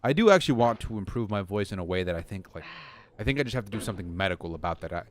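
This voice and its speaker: A young man with a slightly low voice who rambles on and pokes fun at himself while he streams. He chats to his viewers from his desk at home, with a faint hum of noise behind him. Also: lively intonation, very fast. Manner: rambling, self-deprecating, talks to chat. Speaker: game streamer. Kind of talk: rambling live-stream chat.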